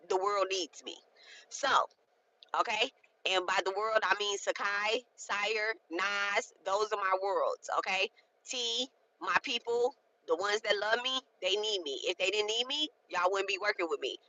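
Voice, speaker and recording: A woman in her late thirties talks in a loose, chatty way, leaning hard on her points and tossing in "okay?" to keep her listeners with her. Her voice is bright and forward, and her delivery is conversational and frank. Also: mid-range voice, a little slow, poor audio. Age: 30s. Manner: chatty and emphatic, often checks in with "okay?". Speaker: spiritual content creator. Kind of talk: casual spoken ritual walkthrough.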